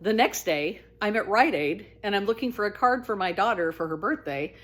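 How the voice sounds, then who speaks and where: A woman telling her own spiritual story in a casual, talkative monologue. She is earnest and expressive, and her voice lifts when she gets excited. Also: moderate pace. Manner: animated and expressive, voice rising high when excited; earnest, talkative, with frequent restarts.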